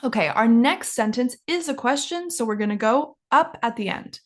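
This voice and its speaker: A young woman teaching an English lesson, who says each travel phrase slowly and clearly for learners to repeat, in a casual, encouraging way. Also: fairly high pitch, animated. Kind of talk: English lesson with shadowing drills.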